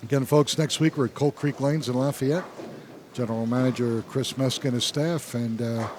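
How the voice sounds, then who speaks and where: A man's voice: medium pitch, steady tone, normal speed, a little mellow. A man giving casual, jokey play-by-play commentary on a bowling broadcast, laughing often. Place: bowling alley. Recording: noisy bowling alley broadcast. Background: bowling alley noise.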